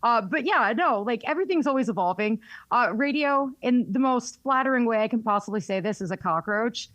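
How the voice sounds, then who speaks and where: A woman's voice: on the high side, lively intonation, a little fast, a bit bright, no echo. A woman radio host with a Southern accent, chatting candidly in an interview and laughing often. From North Carolina, US. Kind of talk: casual interview chat.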